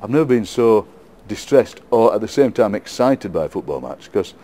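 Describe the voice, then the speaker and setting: A middle-aged man with a Yorkshire accent, a poet being interviewed, telling lively football anecdotes with frequent laughs and repeated words. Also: fairly low pitch, moderate pace. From England. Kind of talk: casual storytelling interview.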